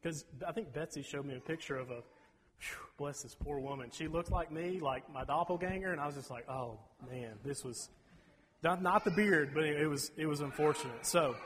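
A man in his thirties preaching a sermon, folksy and rambling, clearing his throat between asides. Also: a little high, brisk, a bit bright, a little hiss or hum. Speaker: pastor. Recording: reverberant hall.

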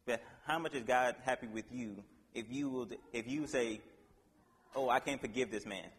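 A man with a slightly husky voice preaches an informal sermon, reading scripture aloud in a casual, halting way. His voice carries a long reverb, as if he were recorded in a hall. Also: medium pitch.

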